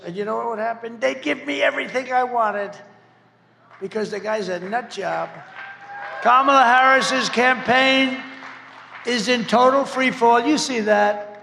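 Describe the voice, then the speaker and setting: A man giving a campaign rally speech as a political candidate, rambling, mocking and emphatic, breaking into shouts now and then. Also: very high voice, measured pace, vocal fry, in a large hall, slight background noise. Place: large rally venue.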